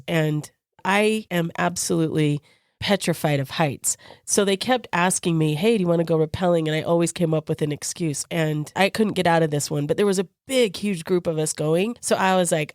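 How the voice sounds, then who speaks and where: A woman's voice: on the low side, moderate pace, no echo, studio quality. A woman co-hosting a podcast, telling a personal story in a casual way and acting out the voices of the people in it. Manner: lively storyteller who acts out the quoted voices of others. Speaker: podcast co-host.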